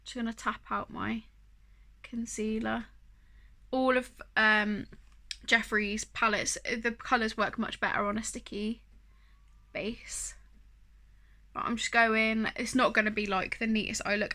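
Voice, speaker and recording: A chatty woman talks her way through a makeup tutorial, wandering off-track and poking fun at herself. Her voice sits a little high and rings bright and forward. She fills her pauses with easy "um"s. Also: flat delivery. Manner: chatty, self-deprecating, rambling with fillers. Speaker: beauty vlogger. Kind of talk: casual makeup tutorial chat.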